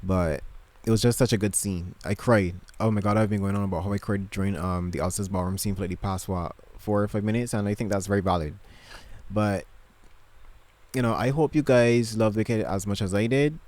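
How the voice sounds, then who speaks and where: A man's voice: on the low side, fairly even intonation, brisk, a little mellow. A man vlogging casually from his bedroom, gushing and emotional, rambling with lots of fillers and restarts. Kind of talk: casual chat to camera.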